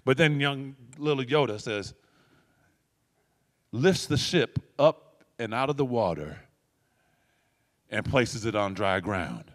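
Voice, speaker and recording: Slow, lively preaching pastor in echoing hall. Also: male voice, medium pitch. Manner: call-and-response preaching, repeats phrases for emphasis. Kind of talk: sermon. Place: church sanctuary. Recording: long church hall reverb.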